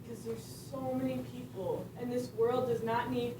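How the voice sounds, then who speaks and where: A woman with a slightly high voice tells an earnest faith testimony at a conference, laughing between lines as she narrates. Her tone is level and her pace moderate; the conference room echoes, the mic is distant, and there's background noise.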